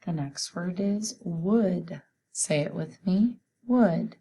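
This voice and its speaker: A woman teacher leads a children's spelling lesson, sounding out each letter one at a time. Her voice sits a little low, and she talks very slowly and patiently. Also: mellow, husky.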